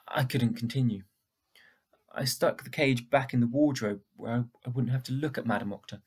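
A man reading a first-person storybook aloud in a steady, plain way, with a husky voice. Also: medium pitch, moderate pace. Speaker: audiobook narrator.

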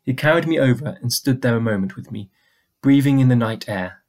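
A man narrating a chapter of a novel at an even, deliberate pace. His voice sits at a mid pitch and stays steady. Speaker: audiobook reader. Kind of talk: storybook reading.

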